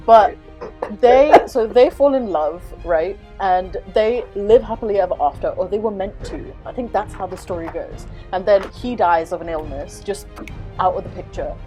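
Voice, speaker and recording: Young woman host, sarcastic rant, mid-pitched voice, loose and profane. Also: normal speed, mellow, faint music behind, low-quality recording. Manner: exasperated, sarcastic, swears freely. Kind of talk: casual ranting chat.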